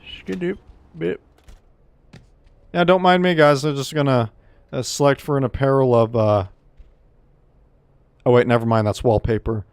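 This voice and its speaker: A man's voice: medium pitch, steady tone, normal speed, long pauses, a little mellow, smooth, dry recording. A man casually commentating while streaming a video game, joking, sarcastic and rambling.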